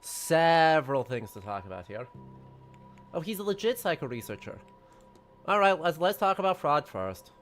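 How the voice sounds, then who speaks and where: A chatty man hosting a game stream, rambling and poking fun at himself as he plays. His voice sits slightly high. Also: big pitch swings, normal speed, a bit bright, soft background music. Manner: chatty, self-deprecating, rambling. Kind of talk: casual let's-play chat.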